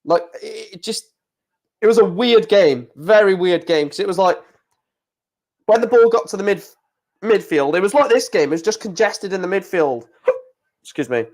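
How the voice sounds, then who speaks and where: A man chatting through a live football watchalong stream. He talks casually with frequent laughs and the odd swear word, in a fairly high voice. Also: animated, moderate pace, long pauses, darkish tone.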